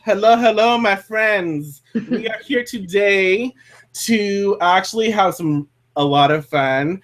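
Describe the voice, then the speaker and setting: Male host, casual and chatty, pitched a little high, prone to tangents. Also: slow, a bit bright. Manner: chatty, rambling, goes off on tangents. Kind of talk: casual chat.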